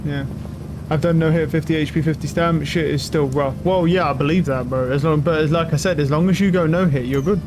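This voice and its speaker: A young man streaming a game, talking loudly and excitably with lots of swearing to his chat and a friend. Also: fairly high pitch, brisk, noisy background. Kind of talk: casual live-stream commentary. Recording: game music loud behind voice. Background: game music.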